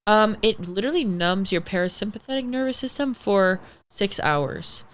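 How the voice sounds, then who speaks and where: A young woman guest on a podcast, telling a story in a casual, animated way, swearing freely and acting out what people said. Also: mid-range voice, normal speed, clear, resonant tone. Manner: animated, swears freely, acts out quoted dialogue.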